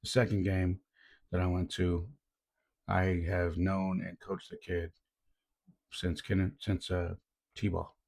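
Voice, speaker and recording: A man's voice: low voice, monotone, slow, vocal fry, long pauses, darkish tone. A man who coaches youth baseball and hosts a podcast, telling stories in a laid-back, earnest way and often saying "man". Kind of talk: casual reflective storytelling.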